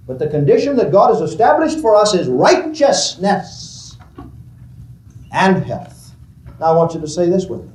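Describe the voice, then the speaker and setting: A man's voice: fairly high pitch, darkish tone, slight background noise. A man preaching a sermon, leading the congregation in call-and-response and repeating his phrases. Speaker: pastor.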